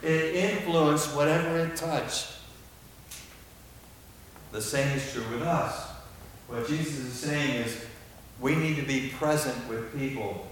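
An older male pastor preaching in a large, very echoey hall, heard from some distance off the mic with a faint hiss underneath. He is emphatic and swings between quiet, low passages and loud, stressed declarations. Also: slow pace, long pauses. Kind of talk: sermon.

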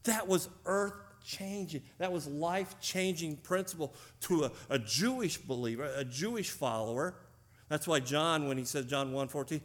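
Preaching man, shifting loud to soft. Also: a little high, expressive, moderate pace. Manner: conversational with fillers and restarts. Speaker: pastor. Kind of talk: sermon.

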